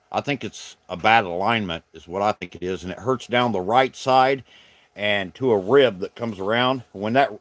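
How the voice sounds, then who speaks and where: A middle-aged man from South Carolina with a Southern American accent hosts a livestream, chatting casually and folksily with his viewers as he rambles along. His voice is mid-range and the recording is dry.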